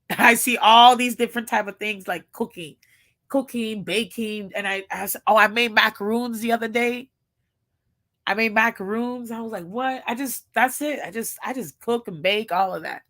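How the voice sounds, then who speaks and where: Woman, casual chat, bright voice, fairly high, animated, gushing, slangy, exclaiming. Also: moderate pace. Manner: informal slangy speech.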